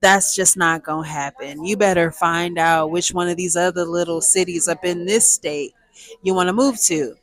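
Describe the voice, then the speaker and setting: A woman quoting her mother in a soft, reassuring voice. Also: fairly low pitch, normal speed, close to an everyday voice. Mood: gentle. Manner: gentle, soft-spoken, reassuring. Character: soothing, caring mother speaking softly to her daughter.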